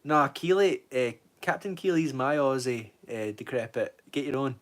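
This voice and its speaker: A man's voice: medium pitch, animated, normal speed. A Scottish man in his twenties, chatting casually on a livestream and rambling as he answers viewer comments. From Scotland. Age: 20s. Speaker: streamer.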